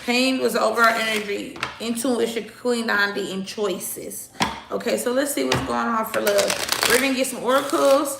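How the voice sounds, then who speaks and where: A woman's voice: on the high side, fairly even intonation, normal speed, creaky, echoey room, heavy background noise. A woman doing a casual tarot reading, talking bluntly and chattily straight to her viewers, sometimes swearing. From United States. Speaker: tarot reader.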